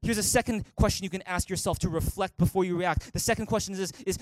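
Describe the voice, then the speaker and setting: A male pastor preaching a sermon in a church, lively and animated, often acting out voices he quotes. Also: sits high, quick pace, dry recording. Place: church auditorium.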